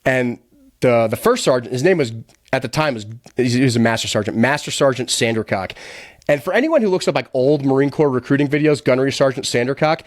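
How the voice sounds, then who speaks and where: A man guest on a podcast, telling a story in a casual, animated, profane way, laughing often and rambling with lots of "like". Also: mid-range voice, dry recording, studio quality. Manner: quick, rambling, heavy use of filler "like".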